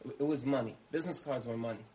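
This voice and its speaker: A man delivers a sermon as a story, acting out each exchange and returning again and again to the same key phrase. His voice sits at an ordinary middle pitch, and his delivery stays lively and conversational. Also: racing, low-quality recording. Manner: animated storyteller, repeats phrases for emphasis, acts out dialogue. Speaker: speaker giving a talk.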